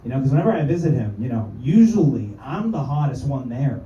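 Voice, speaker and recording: A man rambles through a crude, self-mocking stand-up set in a very dark, mellow voice. He sounds distant and dull through the mic, with the room echoing around him. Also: mid-range voice, very animated, a little fast, slight background noise. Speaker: stand-up comedian.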